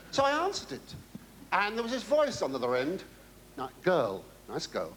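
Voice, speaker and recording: A man's voice: high voice, wildly swooping pitch, normal speed, a bit bright. A British man performing a rambling, camp stand-up monologue for a navy crew aboard a ship, full of theatrical, cheeky asides. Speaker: comedian entertaining navy crew. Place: aboard a navy ship, before a live audience. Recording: noisy live recording.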